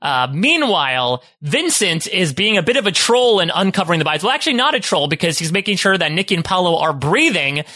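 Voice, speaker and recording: A man's voice: high-pitched, big pitch swings, fairly quick, few pauses, pushed and bright, dry recording. A man co-hosting a podcast in casual chat, recapping episodes in a wry, conversational way. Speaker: podcast co-host.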